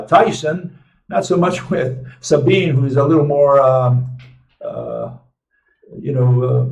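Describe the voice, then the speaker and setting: A man's voice: a little high, darkish tone, recorded from a distance. A man hosting a casual commentary live stream, rambling with many fillers and restarts, often tagging lines with "right?" or "okay?". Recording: roomy echo, speaking from away from the mic.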